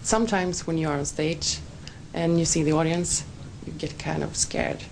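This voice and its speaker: Creaky-voiced woman with a Swedish accent. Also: sits low, steady tone, normal speed, darkish tone, a little hiss or hum, poor audio. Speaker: TV interviewer. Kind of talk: interview questions.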